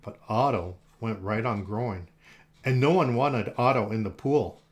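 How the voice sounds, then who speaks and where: A man reading a children's storybook aloud, gentle and expressive. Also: fairly low pitch. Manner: gentle, expressive, slowed for effect.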